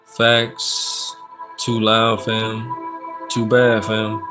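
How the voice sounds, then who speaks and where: A man's voice: on the low side, monotone, drawn-out words. Laid-back man doing tarot readings live. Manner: laid-back and slangy, reads out chat and gives shout-outs. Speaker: tarot reader and live streamer. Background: background music.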